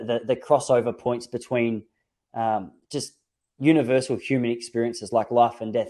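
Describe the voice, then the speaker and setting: A man's voice: mid-range voice, darkish tone. A man hosting a casual podcast conversation, telling stories in a reflective way with frequent restarts. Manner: reflective, storytelling with many restarts. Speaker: podcast host.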